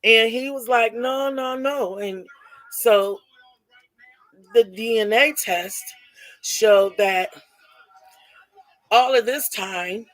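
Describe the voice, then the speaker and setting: A woman's voice: medium pitch, very slow, pauses often, fairly bright tone, soft background music, poor audio. A woman telling a rambling family drama story in a casual spoken way, often restarting and correcting herself. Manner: rambling, repeats and self-corrects.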